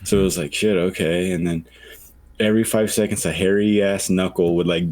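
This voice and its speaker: A man with a low voice tells a rambling story in a loose, casual podcast chat. He swears freely and acts out the people in his story. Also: steady tone, a little fast, darkish tone, no room sound. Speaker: podcast co-host.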